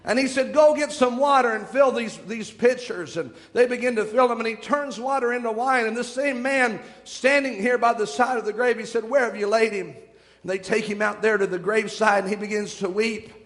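A preacher with a very high voice delivers a fervent sermon, stretching out scripture phrases for weight. The sound rings with the long reverb of a church hall. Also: male voice, steady tone, a bit bright. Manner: fervent, slows to drawn-out emphasis on scripture.

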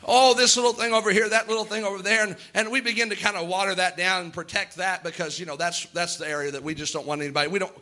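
A man's voice: sits high, steady tone, quick pace, hardly any pauses, sharp tone. A man preaching a sermon with impassioned delivery, acting out the lines of Bible characters.

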